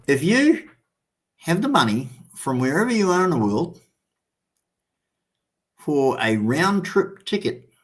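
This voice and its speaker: Slow and sing-song, with long pauses and a voice on the high side, this sixty-something Australian livestream host chats casually. He wanders from point to point, cursing freely and filling gaps with plenty of ums.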